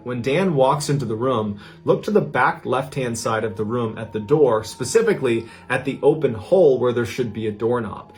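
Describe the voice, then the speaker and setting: A man hosting a podcast, narrating a true mystery story in a calm, hushed, suspenseful way. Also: mid-range voice.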